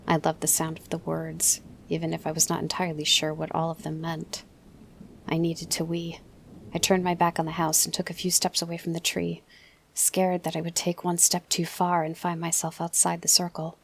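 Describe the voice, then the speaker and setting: Woman reading a novel out loud, quiet and whispery, husky low voice. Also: monotone, normal speed. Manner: soft, often drops to a whisper. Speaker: audiobook reader. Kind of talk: audiobook narration.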